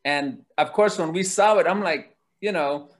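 A man telling a story as an interview guest, lively and laughing as he goes. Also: fairly high pitch, normal speed. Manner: lively, laughs while telling, acts out quoted voices. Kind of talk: animated storytelling.

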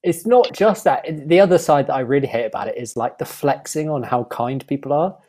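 A man's voice: a little high, fairly quick, a little mellow. A man co-hosting a podcast, joking dryly in a casual chat. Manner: dry, joking. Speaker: podcast co-host.

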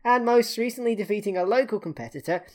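A woman co-hosting a casual wrestling news podcast, playful and quick to laugh, swearing now and then. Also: on the high side. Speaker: podcast co-host.

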